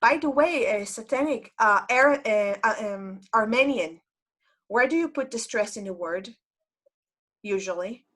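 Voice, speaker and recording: A woman's voice: fairly high pitch, animated, measured pace, fairly bright tone. Woman teaching online. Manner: explanatory, asks the audience questions. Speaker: Hebrew teacher. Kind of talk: online lecture to learners. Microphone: video call.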